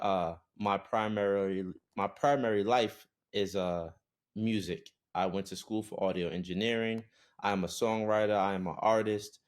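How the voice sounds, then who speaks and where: Young man from Brooklyn, very deep voice, relaxed podcast guest, frequent fillers. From Brooklyn, New York. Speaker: podcast guest, recording artist. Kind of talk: casual interview chat.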